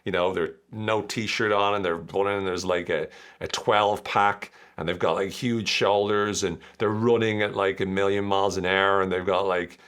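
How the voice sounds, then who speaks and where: A man's voice: sits low, steady tone, normal speed, a bit bright, smooth. A man hosting a podcast, explaining ideas in a casual, chatty and jokey way. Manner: chatty, jokey, acts out quoted voices. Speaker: podcast host.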